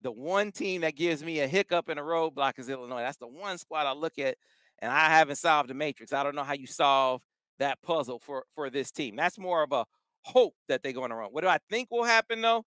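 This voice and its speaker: Bright, animated male sports podcast host. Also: on the high side, fairly quick, smooth, no room sound, studio quality. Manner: animated, emphatic storytelling. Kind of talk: casual sports podcast chat.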